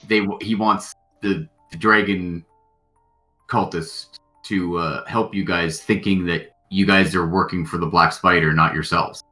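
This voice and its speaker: A man's voice: low voice, fairly even intonation, unhurried, sharp tone, faint music behind. A young man narrating as game master in casual chat, rambling with fillers and restarts.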